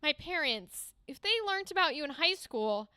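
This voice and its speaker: A guilty young girlfriend from a story game, anxious and apologetic, her high voice hesitant, as a woman reads her lines aloud. The sound is dry and close, with little room around it. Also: expressive, normal speed, pushed and bright, no room sound.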